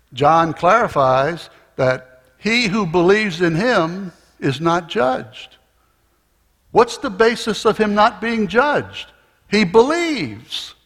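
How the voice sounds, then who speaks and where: A man preaching a sermon, explaining things in a slow, teacherly way with frequent restarts and small fillers. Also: sits high, fairly bright tone. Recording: long reverb of a large hall.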